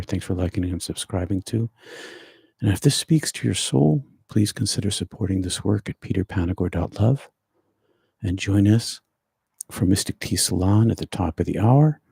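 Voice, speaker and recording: Man, gravelly husky voice, dark tone, slow repetitive spiritual livestream talk. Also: on the low side, no echo, studio quality. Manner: slow, repetitive, gently emphatic. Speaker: spiritual teacher hosting a livestream. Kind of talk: meditative live-stream talk.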